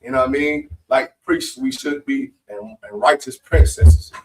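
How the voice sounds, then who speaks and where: A man exhorting a religious group in a forceful, profane manner, repeating lines for emphasis. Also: mid-range voice, moderate pace. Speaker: member speaking at a religious meeting. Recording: mic far off.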